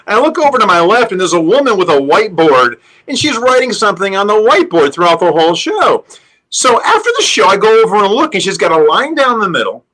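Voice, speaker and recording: Lively high-voiced storytelling man. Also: fast, rough recording. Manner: animated storyteller, acts out voices in anecdotes. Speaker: guest children's entertainer. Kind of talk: casual storytelling.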